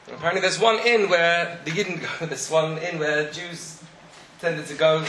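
A man telling a story in a sermon, animated, acting out the voices of the people in it. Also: on the high side, moderate pace, slight background noise. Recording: echoey room, faint ambience.

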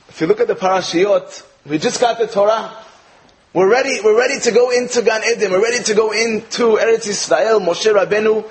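A man with an American accent and a fairly high voice delivers a spoken Torah lesson. He tells his story in a lively way and acts out the characters' lines. The talk then turns to its teaching. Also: moderate pace, pauses often, a little hiss or hum, rough recording. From United States. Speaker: speaker giving a Torah talk. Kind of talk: sermon with a told joke. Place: speaking in England.

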